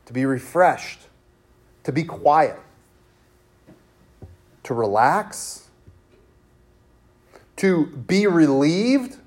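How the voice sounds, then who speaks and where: A man's voice: on the high side, big pitch swings, drawn-out words, long pauses. A man as pastor preaching a sermon with an emphatic, repetitive cadence.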